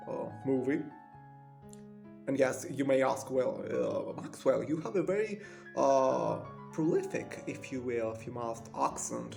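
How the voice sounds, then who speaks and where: A man's voice: medium pitch, creaky, darkish tone, exaggerated voice. A man playing a pompous, rambling stage actor with a British accent, in a comedic mock interview monologue. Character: pompous washed-up male stage actor, middle-aged. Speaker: fictional actor being interviewed.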